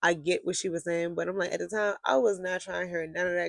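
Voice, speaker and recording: A woman's voice: fairly low pitch, fairly even intonation, quick pace, gravelly, no echo. A young woman telling a storytime vlog in a casual, blunt and profane way, with heated outbursts. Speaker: vlogger.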